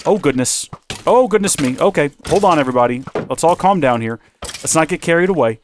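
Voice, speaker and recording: Male gameplay host, rambling chatty commentary, voice on the higher side. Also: expressive, fast talker, slight background noise. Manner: chatty, rambling, talks to himself and his viewers. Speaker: video game let's-play host.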